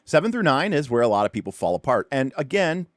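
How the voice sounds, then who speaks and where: A man's voice: mid-range voice, very animated, fast, no room sound, clean studio sound. A man hosting a tabletop game livestream, explaining rules in a loose, rambling way with lots of fillers and restarts. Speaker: tabletop RPG show host.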